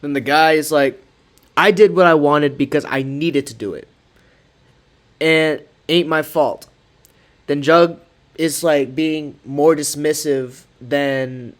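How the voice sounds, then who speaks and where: A man's voice: fairly high pitch, fairly even intonation, unhurried. A man giving casual commentary, reading out text messages in a sarcastic, mocking way. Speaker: commentary creator.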